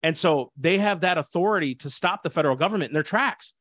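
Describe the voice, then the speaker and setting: Assistant pastor guest, fervent and preachy, light higher voice, dry close sound. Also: male voice, quick pace, fairly bright tone, dry recording. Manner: fervent, preachy, frequent restarts and "dude". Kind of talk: impassioned interview talk.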